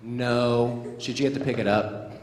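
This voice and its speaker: A man's voice: mid-range voice, fairly even intonation, unhurried. A man giving a playful motivational talk to schoolchildren, acting out little scenes. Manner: playful, acts out scenes for children. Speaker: motivational speaker. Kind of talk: animated school assembly talk. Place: school gym or auditorium. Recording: echoey hall, faint crowd noise.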